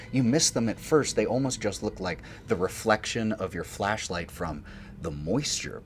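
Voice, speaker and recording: A man narrating a tabletop horror game as game master, calmly describing scenes and calling for rolls. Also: fairly low pitch, unhurried, a little hiss or hum.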